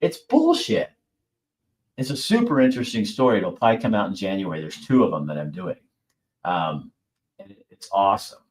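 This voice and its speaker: A man's voice: lowish voice, very animated, fairly quick, reverberant, low-quality recording. A middle-aged man hosting a show, talking bluntly and casually, swearing and mimicking people in raised voices. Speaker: host. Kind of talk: casual opinion monologue.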